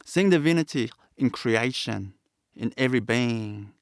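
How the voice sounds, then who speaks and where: A man leading a satsang as a spiritual teacher, his voice carrying a gravelly fry at an ordinary middle pitch. He talks in an earnest, reflective way, pausing often and restarting his sentences. The sound is dry, with no room around it. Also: expressive, no room sound. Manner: halting, reflective, with many pauses and restarts. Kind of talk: satsang talk.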